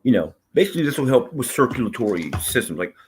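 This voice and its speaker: A man's voice: mid-range voice, very animated, fast talker, a little hiss or hum. A man hosting a live stream, chatting casually and profanely with his viewers, rambling from topic to topic. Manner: rambling, profane, reads chat aloud.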